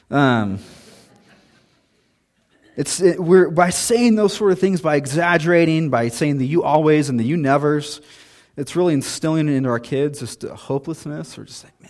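A man in his thirties preaching a sermon in a relaxed, conversational way, with self-deprecating asides. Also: a little high, moderate pace. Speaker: pastor.

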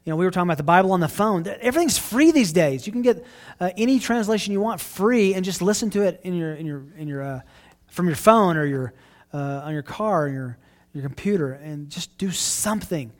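A middle-aged man, a pastor, answering questions in earnest, relaxed talk, often restarting his phrases. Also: high-pitched, fairly quick, hardly any pauses. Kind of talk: casual Q&A talk.

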